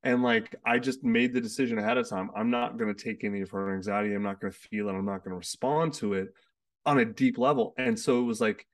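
A man's voice: fairly low pitch, fast talker, far from the mic. A man hosting a casual, heartfelt conversation, rambling with lots of restarts and fillers. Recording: sits away from the mic.

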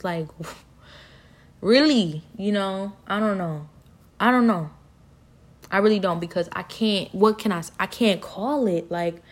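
Animated woman rambling in a personal vlog. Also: on the low side. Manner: rambling, animated, laughs often, drops to near-whisper at times. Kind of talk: casual personal monologue.

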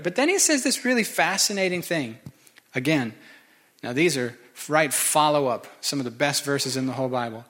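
A man's voice: on the high side, animated, normal speed, a bit bright. A man preaching a sermon, conversational and joking with the congregation. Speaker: pastor.

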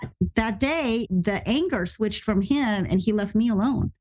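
An American woman telling stories as a guest on a podcast, her voice sitting in an ordinary middle register. She talks in a casual, animated way and rushes through her anecdotes. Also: mid-range voice, breathy edge. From United States. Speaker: actress guest.

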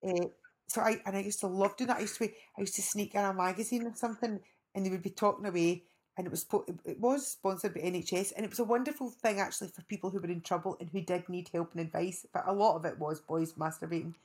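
A middle-aged woman with a Scottish accent spins long anecdotes in a relaxed interview, full of restarts and asides. Her voice sits at an ordinary middle pitch, and she tells each story with animated energy. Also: fast talker, slightly rough. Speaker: actress guest. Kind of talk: casual storytelling chat.

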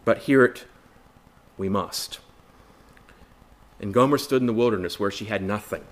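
A man's voice: fairly low pitch, moderate pace. A man preaching a Bible study sermon in an earnest way, asking rhetorical questions, repeating phrases and calling listeners brothers and sisters.

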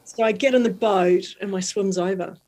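Middle-aged woman, New Zealand accent, interview guest, animated storyteller with a giggle. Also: medium pitch, moderate pace. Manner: animated, lively storyteller who giggles easily. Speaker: guest, marathon swimmer. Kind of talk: storytelling in conversation.

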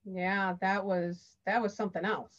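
A woman's voice: medium pitch, steady tone, unhurried. A woman hosting a podcast interview, reacting with short interjections and follow-up questions. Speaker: podcast host. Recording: dull lo-fi sound.

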